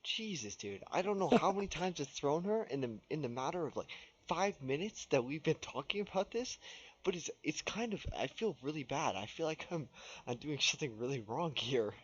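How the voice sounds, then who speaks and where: Male podcast co-host, animated pitch, slightly high, profane, dull lo-fi mic with faint hiss. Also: moderate pace. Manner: swears and laughs often. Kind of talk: casual chat.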